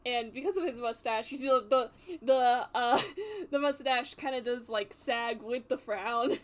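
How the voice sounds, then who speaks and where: Woman player, high voice, slow and halting, laughs a lot. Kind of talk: narrating her character in a tabletop game.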